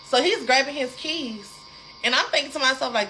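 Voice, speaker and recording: A young woman spins a dramatic storytime straight to her viewers, talking in a lively, repetitive way with a fairly high voice. A faint hiss sits under the recording. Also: moderate pace, low-quality recording. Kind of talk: casual storytime.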